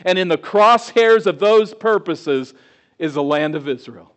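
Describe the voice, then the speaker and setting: A man preaching a sermon on a scripture passage, moving between quiet asides and loud, emphatic readings of quoted lines. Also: high-pitched, animated, a little slow.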